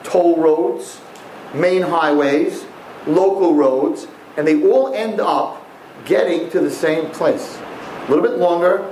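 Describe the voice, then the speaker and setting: A man giving a humorous Torah lecture, animated and checking in with listeners with a frequent "right?". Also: on the high side, slow, reverberant, a little hiss or hum, poor audio. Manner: animated, repeats "right?" to the audience. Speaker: religious teacher.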